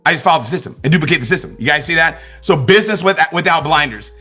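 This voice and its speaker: A man giving an energetic motivational business talk, full of restarts and asking "right?" after his points. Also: a little high, rapid-fire, faint music behind. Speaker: network marketing trainer.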